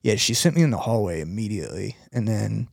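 Gravelly man telling a rambling story. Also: on the low side, animated, fast talker, a little mellow, no echo, studio quality. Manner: rambling storytelling with many fillers and laughs. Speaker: podcast co-host. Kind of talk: casual chat.

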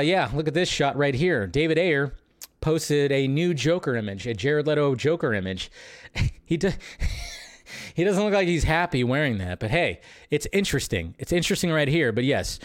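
Animated man hosting a film stream. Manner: rambling, animated, jumps between high and low. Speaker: host of a live film news stream. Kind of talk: casual live-stream chat.

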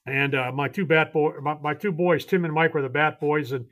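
A man's voice: a little high, steady tone, moderate pace, fairly bright tone. An older man, a veteran baseball coach, telling earnest and heartfelt personal stories as a podcast guest. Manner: earnest, heartfelt storytelling with frequent restarts. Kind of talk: podcast storytelling.

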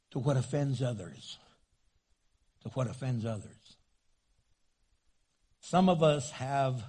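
A man preaching a sermon as a pastor, from New Mexico, joking with the congregation and doing quick funny voices. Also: mid-range voice, mellow, slightly rough.

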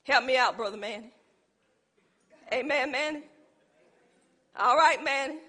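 High-voiced woman preaching. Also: measured pace, pushed and bright, slightly rough. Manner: emphatic call-and-response preaching. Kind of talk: sermon. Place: church sanctuary. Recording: long reverb in a church hall.

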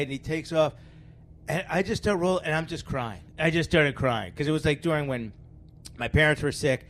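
A man's voice: on the high side, normal speed, fairly bright tone. A middle-aged man chatting casually on a podcast, rambling and self-mocking, telling stories with frequent laughs. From Philadelphia area. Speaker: guest comedian. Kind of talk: casual podcast chat, storytelling.

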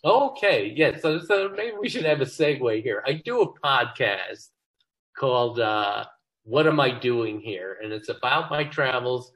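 A man's voice: medium pitch, animated, unhurried, fairly bright tone, poor audio. An older man, a comedy writer as an interview guest, telling self-deprecating stories in casual chat. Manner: self-deprecating, joking storyteller.

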